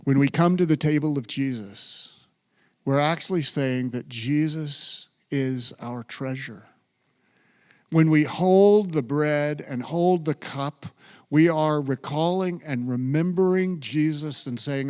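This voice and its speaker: A man's voice: on the high side, animated, takes it slowly, a little mellow. A male pastor preaching a sermon in a church, with a dramatic delivery that sinks to near whispers. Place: church sanctuary.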